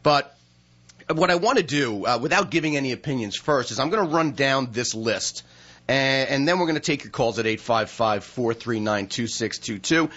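A man's voice: medium pitch, expressive, normal speed, fairly bright tone, muffled recording. A man hosting a radio talk show from a studio, chatting casually and reading down a list of questions.

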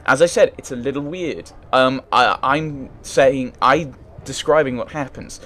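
A man's voice: mid-range voice, a little slow, a bit bright. Hesitant man reading a game aloud. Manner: thinks aloud, hesitant, restarts often. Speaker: let's play gamer. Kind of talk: casual let's play commentary, reading game text aloud.

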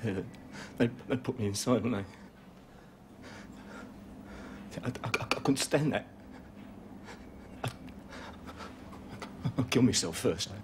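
A man's voice: very high-pitched, big pitch swings, normal speed, fairly bright tone, slight background noise, heavily acted. An actor playing a volatile, cornered male poacher holding a hostage, snarling threats and stammering with fear, in a 1980s television police drama. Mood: frightened. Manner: snarling, rough threats turning to fearful stammering.

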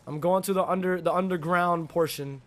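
A young man live-streaming a game, chatting excitedly with his viewers and teammate, greeting people by name in slangy talk. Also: sits high, moderate pace. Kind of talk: live gameplay commentary.

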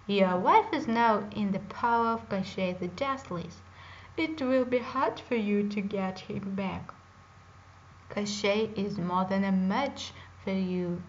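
A woman voicing an old storybook witch with loud, drawn-out menace, on a dull lo-fi recording. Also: mid-range voice, natural voice. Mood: knowing. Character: old witch, cackling and gruff. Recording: dull lo-fi recording with faint hiss.

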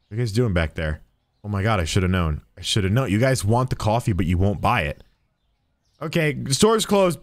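A man's voice: medium pitch, no echo. A man streaming a game live, talking to the characters as a shopkeeper in a jokey, swearing way. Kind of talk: live gameplay commentary.

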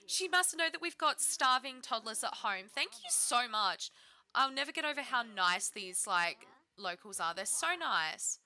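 Woman, let's play commentary, bubbly, chatty, slightly high voice, very bright tone. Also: sing-song, moderate pace. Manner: bubbly, chatty, talks to her game characters. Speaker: gaming YouTuber.

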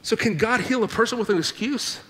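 A man preaching in a church with a high, bright, forceful voice. He reads scripture, then breaks into animated asides and acts out the people he quotes. The sound carries a long hall reverb. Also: a little fast. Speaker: pastor. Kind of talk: sermon. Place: church sanctuary.

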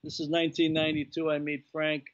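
A man in his sixties telling an animated story on a remote interview, acting out the dialogue of the people in it. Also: on the high side, fast. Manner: animated anecdote-teller, acting out quoted dialogue. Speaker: guest, former baseball executive. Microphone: video call. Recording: lo-fi video call audio.

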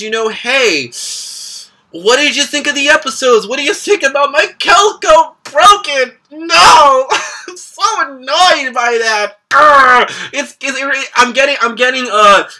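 A young man hosting a casual cartoon reaction video, talking in an excitable, slangy way. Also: sits high. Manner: excitable and slangy, lots of laughing asides. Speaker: YouTube reaction host.

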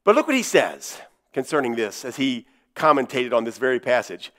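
A male pastor preaching a sermon in a church, stressing key words by slowing down and repeating them. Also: mid-range voice, big pitch swings, fairly bright tone.

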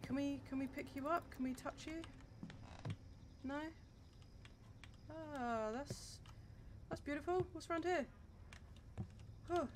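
Young woman, streamer, higher voice, nervy and foul-mouthed commentary, faint hiss behind. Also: slow, pauses often. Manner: jumpy, nervous running commentary, heavy swearing. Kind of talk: horror game let's-play commentary.

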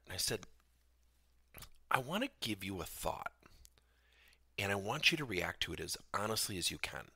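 A man's voice: low voice, creaky, pushed and bright, slightly rough, no echo, studio quality. A middle-aged man, a business coach hosting a podcast, tells a story and acts out both sides of a conversation.

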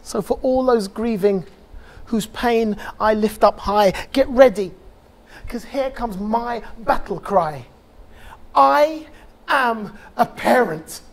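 A man, a bereaved father, giving a conference talk and reciting a spoken-word poem with rhythmic, impassioned delivery and dramatic pauses. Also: high voice, darkish tone.

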